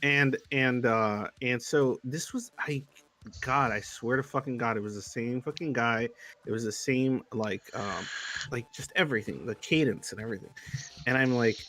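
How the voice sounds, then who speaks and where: A man's voice: medium pitch, moderate pace, sharp tone. A young man ranting in casual livestream chat, swearing heavily and sounding exasperated. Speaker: livestream co-host.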